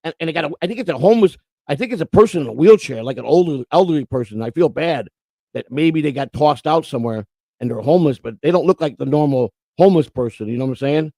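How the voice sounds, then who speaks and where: A man's voice: fairly high pitch, expressive, fast talker, gravelly, dark tone, dry recording. Swearing, rambling man telling stories. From Florida. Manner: rambling storytelling, swears freely. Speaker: co-host. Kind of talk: casual livestream chat.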